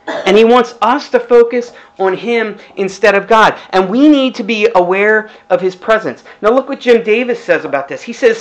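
A man's voice: high-pitched, fairly bright tone, poor audio. Middle-aged male pastor, casual sermon delivery, rhetorical asides. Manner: conversational preaching with rhetorical questions.

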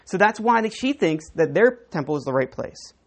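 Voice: mid-range voice, normal speed, gravelly. Preacher teaching scripture, voice bounces up and down a lot, acts out the lines. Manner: animated Bible teaching, acting out quoted dialogue. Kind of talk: sermon.

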